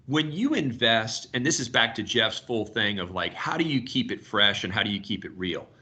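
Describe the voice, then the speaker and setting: A man in his fifties leading a sales team video call, telling stories in an animated way and swearing casually. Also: on the low side, moderate pace, dull audio. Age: 50s.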